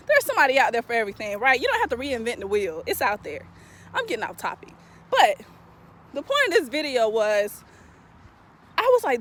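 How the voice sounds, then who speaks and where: Woman vlogger, higher voice, emphatic chatty delivery, recorded outdoors while walking. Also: slight background noise. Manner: animated, emphatic storytelling, addresses viewers as y'all. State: slightly out of breath while walking. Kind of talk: casual talking-head vlog. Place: outdoors in a park.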